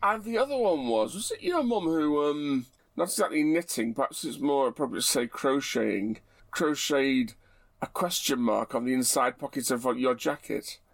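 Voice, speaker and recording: A middle-aged man, chatting in a measured, gently wry way as a co-host. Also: medium pitch, animated, vocal fry, no echo. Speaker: podcast co-host. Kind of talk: casual chat.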